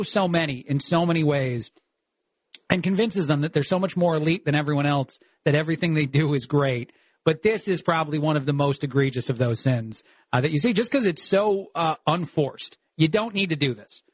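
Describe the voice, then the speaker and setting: A man filling in as a talk radio host, giving animated, opinionated commentary with frequent "uh" fillers. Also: a little high, brisk, no echo.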